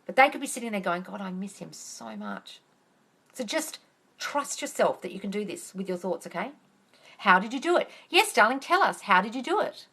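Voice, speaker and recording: A woman hosts a casual phone live stream as a manifesting coach taking questions, blunt and emphatic, cursing freely and calling everyone darling as she rants heatedly. Her mid-range voice is very animated and a little fast, with a bright, forceful tone and a breathy edge.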